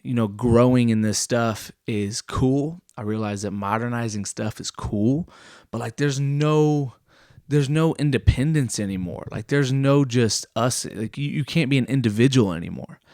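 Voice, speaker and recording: Rambling deadpan young comedian. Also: male voice, medium pitch, moderate pace, no room sound, clean studio sound. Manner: rambling, filler-heavy, self-correcting. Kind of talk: absurd deadpan comedy monologue.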